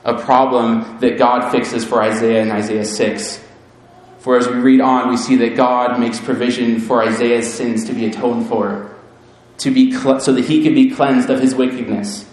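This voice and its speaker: A man preaching a sermon in an earnest manner, building to fervent emphasis and then dropping low and solemn. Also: little pitch movement, normal speed. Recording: very echoey room.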